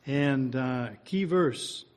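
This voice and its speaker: A man's voice: medium pitch, very slow. A man preaching a sermon, reading scripture, praying and asking the listeners rhetorical questions in an earnest, conversational way.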